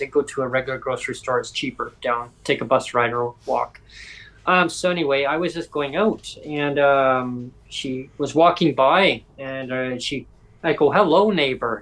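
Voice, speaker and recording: A man from Canada hosting a podcast, telling a story casually and acting out the voices he quotes. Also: mid-range voice. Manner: animated, acts out quoted voices. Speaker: podcast host. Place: home.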